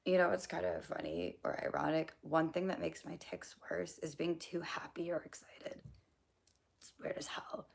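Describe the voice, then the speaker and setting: Hoarse low-voiced young woman streaming. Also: big pitch swings, normal speed, whispered. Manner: rambling, swearing, slangy, laughing at her own jokes. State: hoarse, losing her voice. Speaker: livestream host answering chat. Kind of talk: casual livestream chat.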